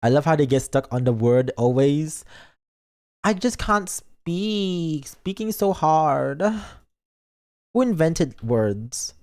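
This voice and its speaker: Young male vtuber, playful and theatrical, lively pitch swings, trips over words. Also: takes it slowly. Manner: playful, dramatic mock outrage, stumbles over words. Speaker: vtuber streamer. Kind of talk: casual livestream chat reading comments.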